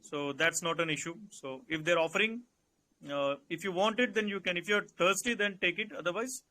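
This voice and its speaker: Bright, high-voiced Indian man coaching. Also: fairly quick. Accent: Indian English. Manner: calm, instructive, repeats key points. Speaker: interview coach. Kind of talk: advisory Q&A session.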